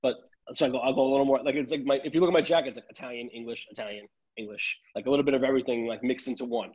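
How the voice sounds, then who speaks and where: A man's voice: mid-range voice, fairly even intonation, very fast, darkish tone, breathy edge, muffled recording. A man, a tailor chatting casually on a podcast, rambling and restarting his sentences.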